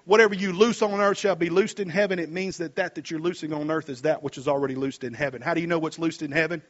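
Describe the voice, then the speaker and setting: Man, pastor, high voice, folksy, slow scripture reading, muffled recording. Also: fairly even intonation. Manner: folksy, reads scripture slowly and comments between verses. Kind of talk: sermon.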